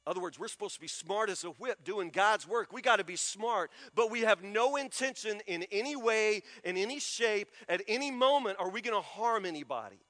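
A male pastor preaching a sermon in a church, emphatic and repeating key words, often dropping to soft, low stresses. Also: animated, a little fast, hardly any pauses. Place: church sanctuary. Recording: long reverb of a church hall.

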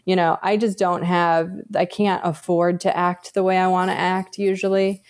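A woman's voice: fairly low pitch, level tone, moderate pace, few pauses. A woman talking casually as a podcast guest, candid and swearing freely as she tells stories. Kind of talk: casual chat.

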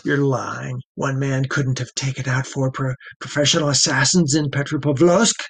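A man's voice: mid-range voice, fairly even intonation, creaky, husky, no echo. Man playing a whispering sadistic torturer. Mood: menacing. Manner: quiet, whispering, slow and menacing. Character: small sadistic male psychopath interrogator.

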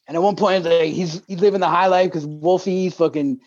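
A man's voice: high voice, fairly even intonation, brisk, darkish tone, dry recording. A man co-hosting a podcast, telling a rambling story full of swearing in casual chat. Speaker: podcast co-host. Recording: dull lo-fi dry sound.

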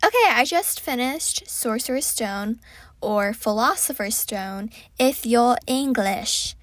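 A woman's voice: on the high side, expressive, takes it slowly, dry recording, studio quality. A young woman casually chatting as she reviews books, rambling with lots of fillers. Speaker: book reviewer. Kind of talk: casual chat.

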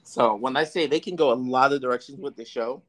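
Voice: mid-range voice, fast, fairly bright tone. A podcast co-host in casual chat, a fan who laughs often while explaining the story. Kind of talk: casual chat recapping a show.

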